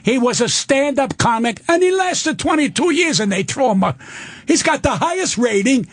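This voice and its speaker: An older man, a comedian guest, ranting loudly and profanely on a radio show. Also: very high voice, expressive, normal speed, no echo, studio quality.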